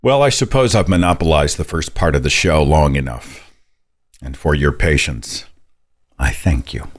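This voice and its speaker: A man with a very low voice hosts a call-in show. He talks in an exasperated, rambling way. His questions climb sharply in pitch. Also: moderate pace. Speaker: podcast host.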